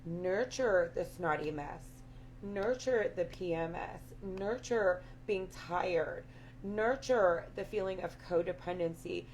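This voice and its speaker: A woman with a raspy voice giving an earnest, affirming spiritual talk to her viewers, repeating her points. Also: lowish voice, slow pace, a little mellow, a little hiss or hum. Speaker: spiritual live-stream host.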